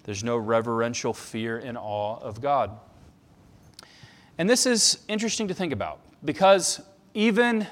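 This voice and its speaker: Man preaching in a reverberant hall. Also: mid-range voice. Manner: conversational storytelling with emphatic passages. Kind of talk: sermon. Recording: long reverb of a large hall.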